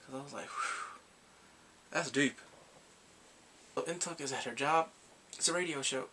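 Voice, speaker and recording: A man recapping a drama episode in a casual, excited way, acting out the characters' lines and his own reactions. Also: mid-range voice, normal speed, a little hiss or hum. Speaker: drama reviewer.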